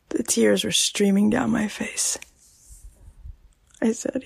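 Slow, husky, half-whispering woman. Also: fairly high pitch, fairly even intonation, a little mellow, no room sound. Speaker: podcast host. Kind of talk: personal story to listeners.

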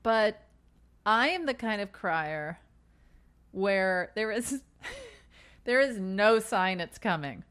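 A woman's voice: mid-range voice, animated, takes it slowly, long pauses, fairly bright tone, smooth. A middle-aged woman co-hosting a casual chat, teasing and laughing often as she talks. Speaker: podcast co-host.

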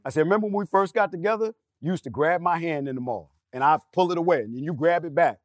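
A man's voice: fairly high pitch, quick pace, dry recording, clean studio sound. A middle-aged man on a discussion panel, candidly telling a personal story and acting out what was said. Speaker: panel guest.

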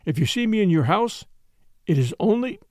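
A man's voice: high voice, sing-song, normal speed, darkish tone, no echo, studio quality. A man voicing a proud young soldier who speaks in indignant, formal outbursts. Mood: earnest.

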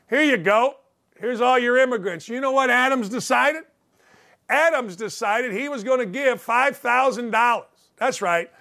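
A middle-aged man hosts a sports talk show in a high, bright voice. He rants bluntly and sarcastically, swearing freely as he hands out his opinions. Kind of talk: opinionated sports commentary monologue.

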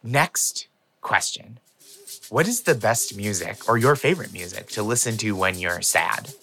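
Playful bright-voiced man hosting a quiz. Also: lowish voice, expressive, measured pace, husky. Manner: playful, giggly, wry. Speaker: game show host. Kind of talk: comedic podcast quiz.

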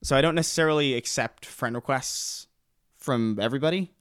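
Podcast cohost guy, talks fast, kinda stumbly, dry mic. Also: medium pitch, fairly bright tone, dry recording. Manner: quick, hesitant, repeats words. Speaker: podcast co-host. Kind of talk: casual podcast chat.

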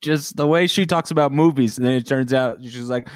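A man co-hosting a comedy podcast, tossing out deadpan, absurd quips. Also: medium pitch, fairly quick, no room sound. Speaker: podcast co-host. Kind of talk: casual comedic chat.

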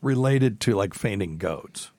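Low-voiced chatty man, dry close mic. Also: lively intonation, measured pace, darkish tone, no echo. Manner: chatty, laughs often, reads clips aloud. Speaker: podcast co-host. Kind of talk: casual chat.

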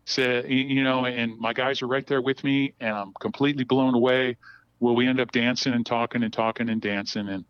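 A man's voice: medium pitch, steady tone, fairly quick, clear, resonant tone, no echo. Middle-aged guy rambling thru a story, dull dry lo-fi sound, lots of restarts. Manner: rambling, many restarts and "blah, blah". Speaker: podcast guest. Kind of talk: casual storytelling.

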